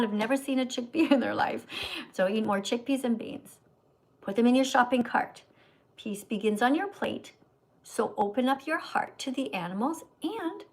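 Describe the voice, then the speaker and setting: A woman with a fairly high voice hosts a livestream and answers viewers' questions. She lectures in a preachy, scolding way, like a teacher talking down to a class. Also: poor audio. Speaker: vegan livestream host.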